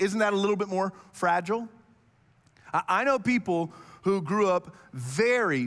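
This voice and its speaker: Animated pastor in a reverberant hall. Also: male voice, high-pitched. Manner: animated storytelling, speeds up when excited. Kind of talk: sermon.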